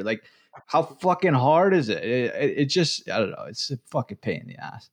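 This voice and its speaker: A man's voice: mid-range voice, lively intonation, a little fast. Guy with a mid-range voice, swearing and complaining, casual chat. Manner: profane, exasperated griping.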